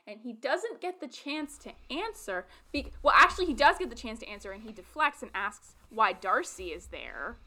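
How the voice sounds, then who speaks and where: Bright, animated woman recapping a film. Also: fairly high pitch, normal speed, hardly any pauses. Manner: animated storytelling, acting out film dialogue. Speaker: podcast co-host. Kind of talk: casual podcast chat.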